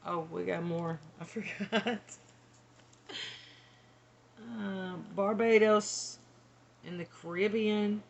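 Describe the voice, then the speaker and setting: A woman's voice: mid-range voice, steady tone, slow pace, creaky, pauses often, muffled recording. A woman working as a psychic medium, relaying channeled messages in a hesitant, tentative way. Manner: hesitant, tentative, laughs between.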